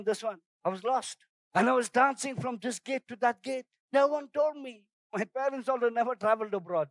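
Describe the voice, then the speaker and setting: High-voiced preaching man, dry sound. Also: no room sound. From outside Singapore, first trip abroad. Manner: storytelling, animated shouts in anecdotes. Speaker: pastor. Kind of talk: sermon.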